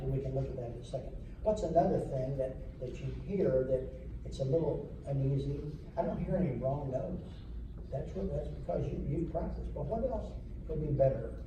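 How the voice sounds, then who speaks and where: A man coaching a school wind ensemble as a guest clinician, chatty and joking and quizzing the players. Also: mid-range voice. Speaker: band clinician. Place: large echoey hall, in front of a band. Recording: echoey hall from far off, with noise.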